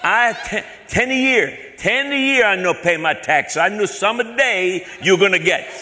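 A comedian voicing a befuddled older man who speaks in slow, halting broken English and plays dumb. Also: sits high, expressive, bright, forceful tone, big-room sound, a little hiss or hum, pitched above the performer's own voice, heavily acted. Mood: playing dumb.

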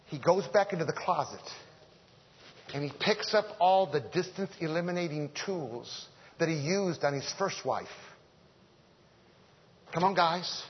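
A man's voice: high voice, husky. A man preaching a conversational sermon in a church, joking and repeating phrases as he calls out to the men. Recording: echoey hall, dull lo-fi sound.

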